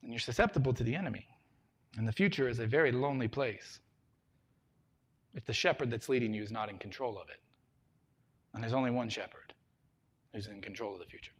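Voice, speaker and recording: Preaching man, loud then hushed. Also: medium pitch, brisk, pauses often, slightly rough. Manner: storytelling, swings from loud emphasis to hushed. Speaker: pastor. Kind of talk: sermon.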